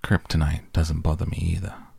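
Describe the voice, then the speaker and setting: A man voicing a mysterious, teasing, guarded teenage boy in a low, unhurried tone. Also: flat delivery, creaky, darkish tone, slightly rough, no echo, exaggerated voice.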